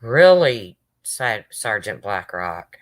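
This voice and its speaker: Emotional, slow-talking livestream host. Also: medium pitch, sing-song. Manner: emotional, talks straight to viewers. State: close to tears. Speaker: livestream host reading chat. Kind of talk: casual livestream chat.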